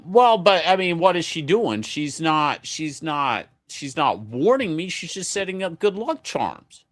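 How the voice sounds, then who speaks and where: A man telling a casual story in an animated, profane way, with many stammering restarts. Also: a little high, unhurried.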